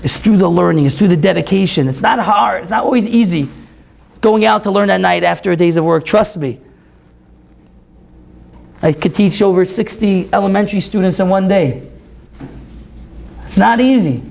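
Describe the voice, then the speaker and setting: A man who is a rabbi and teacher, giving an impassioned sermon at an event that builds to near-shouts. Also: high-pitched, moderate pace, vocal fry, long pauses. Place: event hall.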